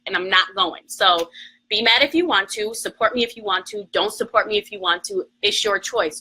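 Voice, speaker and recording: A woman's voice: mid-range voice, bright, forceful tone, poor audio. A woman co-host ranting emotionally on a phone livestream, heated, emphatic and defiant. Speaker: morning show co-host.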